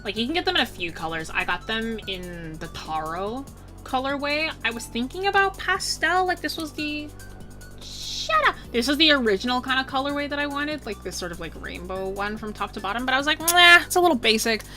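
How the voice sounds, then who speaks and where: A young woman streamer chatting casually, bubbly and rambling, full of "like" and quick laughs. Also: on the high side, animated, pushed and bright, soft background music. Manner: bubbly, rambling, heavy "like" filler, bursts of laughter.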